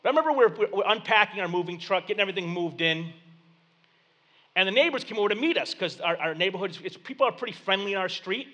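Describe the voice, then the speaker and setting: A man's voice: sits high, animated, fast talker, pushed and bright, lo-fi sound. A man in his thirties, a pastor, preaching a sermon in a church basement and telling a story in a loose, conversational way.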